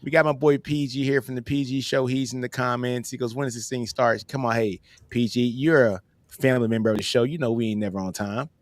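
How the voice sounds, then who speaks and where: A man's voice: mid-range voice, fairly even intonation, a little fast, no room sound, studio quality. A man hosting a sports podcast in a casual, laid-back way, tossing "man" into almost every sentence. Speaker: podcast host.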